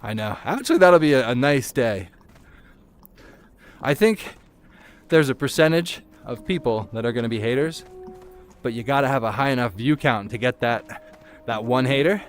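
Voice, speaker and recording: A man's voice: medium pitch, expressive, moderate pace, soft background music. A man livestreaming a game in VR, talking casually and rambling in a self-deprecating way. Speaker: streamer. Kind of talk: casual gaming livestream chat. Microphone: VR headset mic.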